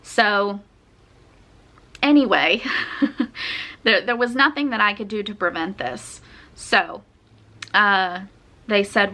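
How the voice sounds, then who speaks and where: Her mid-range, sharp-toned voice takes things slowly, with long pauses. She's a young vlogger sharing her birth story in a chatty, casual way, laughing often and using many fillers.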